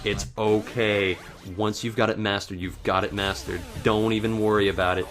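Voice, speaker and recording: A man giving let's play commentary in frantic self-talk, swinging between panic and calming himself down. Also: fairly low pitch, moderate pace. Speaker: let's player. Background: faint game music.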